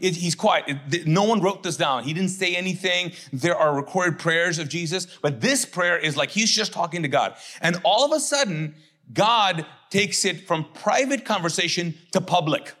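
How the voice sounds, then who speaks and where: A middle-aged man preaching a sermon as pastor, conversational and joking, acting out quick voices of others. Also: high voice, sharp tone.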